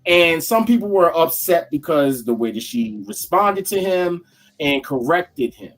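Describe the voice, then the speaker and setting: A woman co-hosting a casual podcast, her pitch swooping widely as she talks. She reacts with expressive, incredulous outbursts and swears freely. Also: unhurried, poor audio. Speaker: podcast co-host.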